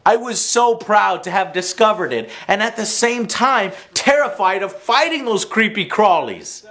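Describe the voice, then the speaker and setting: A man's voice: sits high, very animated, a little slow, bright, forceful tone. A man reading a scripted game review voice-over, earnest with a wry edge.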